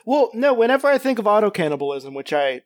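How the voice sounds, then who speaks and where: Bright-voiced rambling young man, dry mic. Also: high-pitched, big pitch swings, fast talker, no room sound. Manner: rambling, playful storyteller who spins odd hypotheticals. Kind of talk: casual podcast chat.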